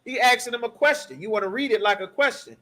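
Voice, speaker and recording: A man's voice: very high-pitched, quick pace, pushed and bright. A man leading a bible study class, emphatic, repeating key phrases and checking in with listeners. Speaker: scripture class teacher.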